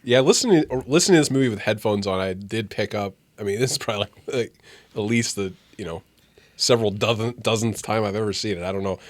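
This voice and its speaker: A man's voice: on the low side, quick pace, no room sound. A man on a podcast, chatting about a movie and eagerly recalling favourite lines with laughs. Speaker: podcast co-host. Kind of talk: casual film-review chat.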